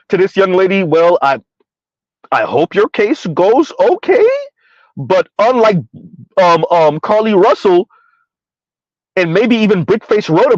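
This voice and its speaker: A man's voice: high voice, no echo. A man live-streaming commentary and reading chat comments, blunt and mocking, laughing often. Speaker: online commentator. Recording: dull lo-fi dry sound.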